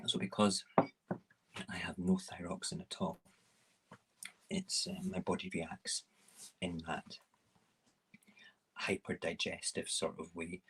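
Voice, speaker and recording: A man's voice: low-pitched, flat delivery, slow, long pauses, a bit bright, slightly rough, poor audio. A middle-aged man hosting a casual morning stream while cooking in his home kitchen, rambling and self-mocking. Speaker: morning show host.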